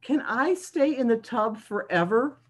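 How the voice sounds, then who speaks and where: A squeaky, fussy little storybook pigeon, as a woman puts him on whines in a high sing-song voice. He drags out every word in a slow, bouncy way. It is a picture-book read-aloud for children. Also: animated. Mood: playful. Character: fussy, whiny male cartoon pigeon.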